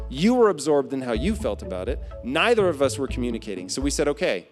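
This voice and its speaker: A man's voice: medium pitch, big pitch swings, fairly quick, hardly any pauses, a little mellow, in a large hall, soft background music. A man on a podcast telling a personal story with emphasis, repeating key phrases for effect. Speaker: podcast guest.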